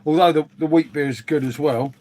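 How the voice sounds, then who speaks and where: A man's voice: on the high side, a little fast, a little mellow, slight background noise. A man hosting a casual live stream, chatting to viewers in a rambling, matey way with the odd swear word. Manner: chatty, rambling, says "mate" constantly, mild swearing.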